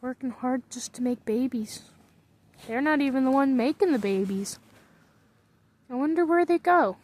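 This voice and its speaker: A woman with a slightly high voice muses aloud in a loose, rambling way, as if talking to herself. She chats casually from her bunk bed in a bedroom. Her thoughts wander from one to the next. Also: moderate pace, a little mellow. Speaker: vlogger.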